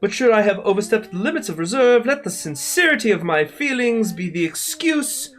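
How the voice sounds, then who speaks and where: A man putting on a pompous highfalutin drunk Irishman. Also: sing-song, normal speed, a bit bright. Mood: grandiloquent. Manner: highfalutin, overly formal mock-refined delivery. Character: pompous formal drunk Irishman in a bar, grandly apologetic.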